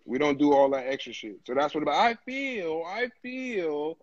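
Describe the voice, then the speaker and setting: A man co-hosting a podcast, chatting casually in an animated, emphatic way and swearing freely. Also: a little high, normal speed, highs cut off. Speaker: podcast co-host. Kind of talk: casual chat.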